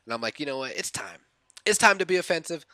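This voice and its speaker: Excitable young man narrating his game. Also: a little high, fast talker, dry recording. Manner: excitable, reliving his own reactions; thinks aloud, corrects himself. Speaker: gaming YouTuber. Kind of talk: casual game commentary voice-over.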